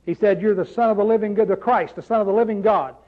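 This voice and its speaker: A man's voice: high voice, fairly even intonation, fast talker, narrow, tinny audio. A man preaching a sermon in a conversational way, often asking the congregation rhetorical questions.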